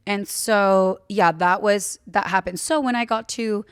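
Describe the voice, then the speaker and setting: A young woman tells a story from her own life in a loose, chatty podcast manner. She leans on fillers and talks frankly, with a swear word here and there. Her voice has a middle pitch and sounds close and dry, with no room echo. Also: measured pace, few pauses, clear, resonant tone. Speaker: podcast host. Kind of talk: casual personal storytelling.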